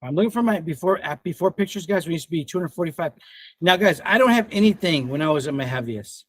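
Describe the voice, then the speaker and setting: Responding to his chat on a casual livestream, a host in his fifties sounds excitable and fairly high-pitched, quick to laugh and free with swearing. The sound is close-miked and dry, without any echo.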